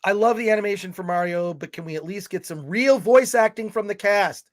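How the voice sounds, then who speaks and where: A man's voice: sits high, fairly quick. A man co-hosting a film livestream, ranting animatedly and reading viewer comments aloud. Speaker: podcast co-host reading chat.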